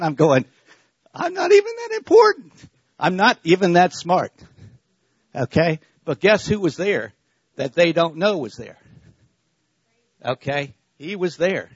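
A man's voice: on the high side, slightly rough, no room sound, lo-fi sound. A man giving a conversational faith talk at church, repeating himself and checking in with the listeners. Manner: repetitive, checks in with "okay?". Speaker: church speaker.

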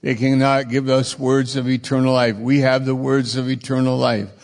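A man's voice: mid-range voice, little pitch movement, normal speed, in a large hall. A man preaching a sermon, with repetitive, emphatic phrasing.

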